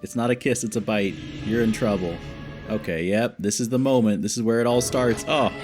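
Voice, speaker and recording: A man with a fairly low voice talks through an episode in a relaxed, chatty way. He sounds excited and thinks out loud as he goes, with faint music underneath. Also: a little fast. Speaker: reaction video host. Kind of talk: casual reaction commentary.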